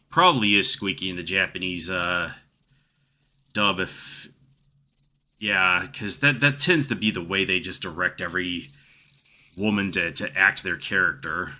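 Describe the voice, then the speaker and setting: A man's voice: sits low, a little slow, long pauses, sharp tone. A man playing a role-playing game and giving casual commentary with wry, joking asides. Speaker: gaming video host.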